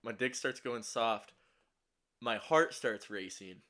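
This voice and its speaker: A young man tells a story in casual talk, rambling and swearing as he stumbles through restarts and fillers. He sounds shaky and anxious, and his pitch sits in an ordinary middle range. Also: takes it slowly, sharp tone.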